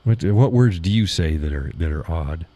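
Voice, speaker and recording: A man hosting a live stream in casual chat, playful and quick to laugh, toying with how words sound. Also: low-pitched, lively intonation, mellow, no room sound, highs cut off. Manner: chatty, playful, laughs often, toys with word sounds.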